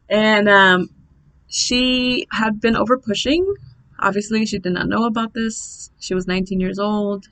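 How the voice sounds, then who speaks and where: A young woman telling a birth story in a casual, blunt, animated vlog, swearing freely. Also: medium pitch, poor audio.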